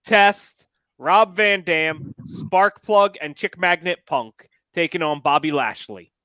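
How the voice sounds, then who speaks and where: A man's voice: high-pitched, slow, bright, forceful tone, smooth, no room sound. A man co-hosting a casual wrestling podcast, dry-humored and moving the talk along. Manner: dry, segues between topics. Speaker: podcast co-host. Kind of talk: casual chat.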